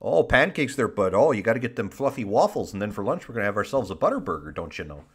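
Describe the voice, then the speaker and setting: A man's voice: on the low side, big pitch swings, fast talker, breathy edge, heavily acted. A man putting on an exaggerated Wisconsin accent, playing a folksy Midwestern guy who drawls out his catchphrases. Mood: jokey folksy. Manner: drawling "there, bud" catchphrases.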